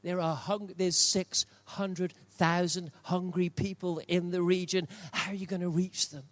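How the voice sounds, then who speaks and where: A man's voice: sits high, little pitch movement, a little slow, fairly bright tone, dry recording. An older man preaching a sermon in church, emphatic and repeating key phrases for stress. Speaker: pastor.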